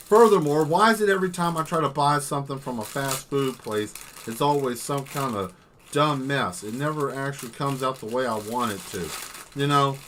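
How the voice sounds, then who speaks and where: A man's voice: fairly high pitch, fairly bright tone, slight background noise. A man chatting casually on a livestream while drawing, rambling into exaggerated comic rants and swearing freely. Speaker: artist streaming while drawing.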